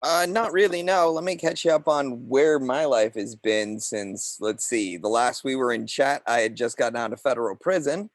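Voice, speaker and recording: A man's voice: mid-range voice, moderate pace, hardly any pauses, no echo. A man on a casual video call, speaking in a matter-of-fact way.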